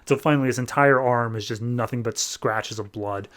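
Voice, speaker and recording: A man hosting a podcast, recapping a comic book in a casual, animated and sarcastic way. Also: medium pitch, fairly quick. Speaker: podcast host.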